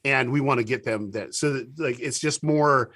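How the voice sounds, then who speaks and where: A man of middling pitch chats as an interview guest. He spins anecdotes eagerly, stumbles over restarts and acts out what other people said. The sound is dry and close, with no room echo. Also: moderate pace. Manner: animated storyteller with many restarts and quoted dialogue. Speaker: guest, TV show producer. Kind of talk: casual interview talk.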